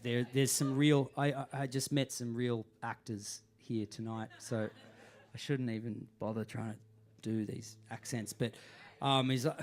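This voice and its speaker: A man's voice: medium pitch, steady tone, measured pace. A man, a singer-songwriter, telling a rambling, self-deprecating story between songs at a live gig. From Australia.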